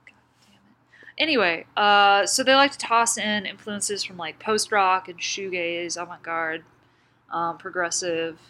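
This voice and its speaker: Slow-talking bright woman podcast host. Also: mid-range voice, slight background noise. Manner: rambling, giggly, swears casually. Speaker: podcast co-host presenting bands. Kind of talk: casual chat.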